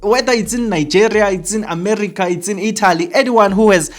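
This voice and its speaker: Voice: mid-range voice, brisk, faint music behind. A South African channel host giving opinion commentary to camera, emphatic and rhetorical, repeating questions back to the viewer.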